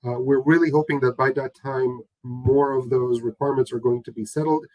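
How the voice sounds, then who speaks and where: A man's voice: medium pitch, fairly even intonation, fairly quick, a little mellow, no room sound, poor audio. Chatty man hosting a webinar. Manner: conversational, hesitant with many fillers. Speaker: webinar host. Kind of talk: casual webinar talk.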